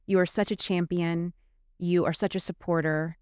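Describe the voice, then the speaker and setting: Smooth-voiced woman hosting a podcast. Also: lowish voice, steady tone, normal speed, no echo, clean studio sound. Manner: warm, grateful and praising. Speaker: podcast host. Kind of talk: interview conversation.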